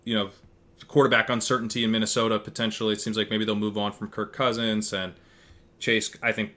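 A man with a low, bright voice talks through his draft views as a guest analyst. He thinks aloud in a casual podcast way and often restarts his sentences. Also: level tone, fairly quick. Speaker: guest fantasy football analyst.

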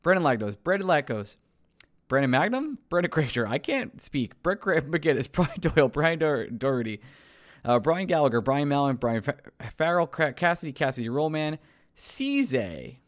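Tired, lively New podcast host. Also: male voice, fairly high pitch, moderate pace. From New York. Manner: rambling, self-mocking, stumbling over names. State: tired late at night. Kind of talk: casual podcast outro.

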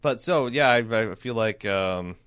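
A man's voice: lowish voice, animated, unhurried, fairly bright tone, clean tone. Rambling man chatting casually. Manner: rambling, lots of fillers and restarts. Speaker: podcast co-host. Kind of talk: casual chat.

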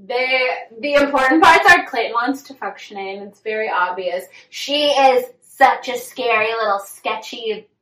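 A woman's voice: on the high side, a little slow, a bit bright, distant mic. A young woman co-hosting a podcast, chatting casually and recapping gossip with acted-out quotes. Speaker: podcast co-host. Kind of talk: casual chat. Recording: echoey room, voice a bit off-mic.

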